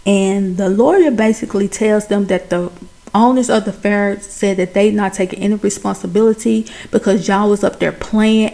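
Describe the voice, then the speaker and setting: A woman's voice: medium pitch, gravelly, mellow. A woman giving a chatty, colloquial recap of a film, retelling scenes with drama. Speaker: film reviewer.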